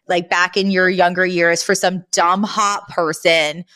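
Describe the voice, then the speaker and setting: A chatty woman co-hosting a podcast, talking in a relaxed way that often breaks into laughs. She is recorded close on a mic with a dry, dead sound. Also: lowish voice, measured pace, no room sound. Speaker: podcast co-host. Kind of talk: casual podcast chat.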